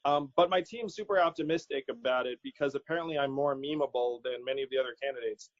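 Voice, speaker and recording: A man's voice: mid-range voice, fast. A man being interviewed as a political candidate, talking casually and animatedly, quoting people in his stories and laughing easily. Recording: dull lo-fi audio.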